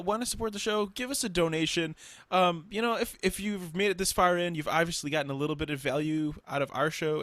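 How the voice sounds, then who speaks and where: A man's voice: sits high, a bit bright, no room sound. A man co-hosting a casual podcast, joking and teasing his friends. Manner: joking, teasing, breaks into laughs. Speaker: podcast co-host. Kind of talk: casual chat.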